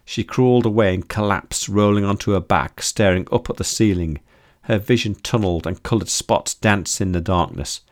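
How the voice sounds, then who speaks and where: Male narrator for audiobook fiction, slightly low voice, steady and measured. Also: no room sound, clean studio sound. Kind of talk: scripted narration.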